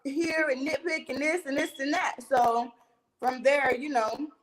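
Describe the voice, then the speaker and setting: A young woman recounts a heated confrontation in an animated, profane chat. Her voice sits high, and she delivers the quoted arguments with emphatic punch. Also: measured pace, low-quality recording. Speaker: reality TV cast member telling a story.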